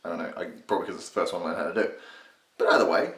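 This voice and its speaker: A young man talks through a casual tutorial in a low, deep voice. He rambles, swears and restarts his sentences, and the room around him echoes. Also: very fast, a bit bright. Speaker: channel host teaching impressions.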